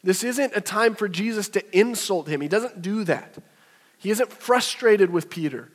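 A man in his thirties preaching a sermon. He talks in a conversational way, rising to animated bursts and dropping to soft, low passages. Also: measured pace. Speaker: pastor. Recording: long reverb of a hall.

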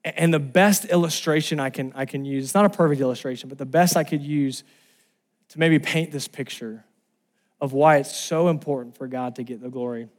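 A man from Los Angeles preaching a sermon, telling a personal story and rising to loud exclamations. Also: medium pitch, brisk. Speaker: pastor.

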